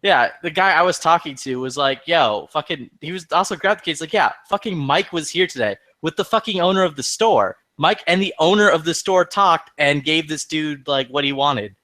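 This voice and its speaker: A man's voice: fairly high pitch, normal speed, hardly any pauses, dry recording. A man in casual chat, retelling a story in a heated, profane way and acting out the other people's lines. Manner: profane, heated, animated retelling with quoted dialogue. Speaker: podcast regular.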